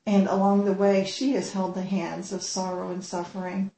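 A woman's voice: mid-range voice, level tone, moderate pace, dark tone, reverberant, slight background noise, poor audio. A woman speaking earnestly at a church gathering, retelling a story and sharing her own experience. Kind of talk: sermon-style storytelling.

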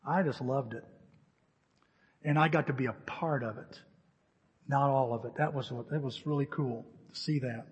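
A man preaching in a church hall, his slightly high and husky voice carrying a long reverb. He tells a story animatedly, acting out both sides of the phone calls. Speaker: pastor. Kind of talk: sermon.

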